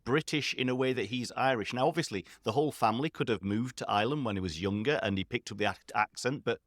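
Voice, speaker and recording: A man from the United Kingdom co-hosting a podcast, hesitant and thinking aloud as he restarts his sentences. His voice sits at a middle pitch with a dry, close sound. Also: fast talker, fairly bright tone, no echo. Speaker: podcast co-host. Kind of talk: casual podcast chat.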